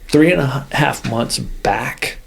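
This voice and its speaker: A man's voice: medium pitch, slow, gravelly, a little hiss or hum. A man, a former Air Force officer, tells a story in a casual interview, rambling with many restarts. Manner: rambling, full of "you know" and restarts.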